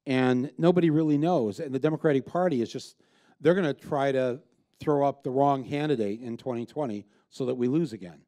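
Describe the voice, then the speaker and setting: A man's voice: mid-range voice, fairly quick, warm tone. A man speaking as a filmmaker guest in an onstage conversation before an audience, blunt and emphatic, with frequent restarts. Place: live event with an audience.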